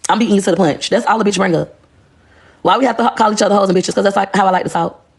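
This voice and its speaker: A woman's voice: mid-range voice, rapid-fire, vocal fry, slightly rough. A woman, ranting bluntly and profanely on a phone livestream. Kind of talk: casual rant on a livestream.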